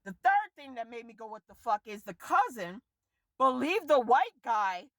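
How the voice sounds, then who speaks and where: A woman vlogger in an exasperated, profane rant about a film she reviews, her voice swinging sharply up and down. Her pitch sits on the high side, and the recording is close and dry with no room sound. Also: sing-song, moderate pace, a bit bright, no room sound. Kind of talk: casual rant to camera.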